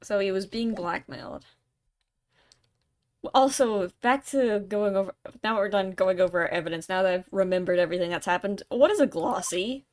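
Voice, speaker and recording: A woman's voice: mid-range voice, normal speed, a little mellow. A young woman giving casual, rambling commentary while playing a game, laughing often. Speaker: game streamer. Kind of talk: casual let's-play commentary.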